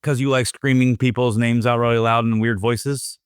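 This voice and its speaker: A man's voice: medium pitch, little pitch movement, moderate pace, clean tone, no echo, studio quality. A man co-hosting a podcast, chatting casually and teasing his co-host, with frequent ums and restarts. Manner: joking, teasing, many fillers and restarts. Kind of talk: casual chat.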